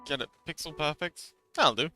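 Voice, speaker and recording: A man's voice: fairly high pitch, moderate pace, pushed and bright. A man chatting playfully on a livestream while drawing, reading viewer messages aloud and answering them, with faint music behind. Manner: reads chat aloud and chats back, playful. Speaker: streamer drawing fanart. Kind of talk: casual livestream chat.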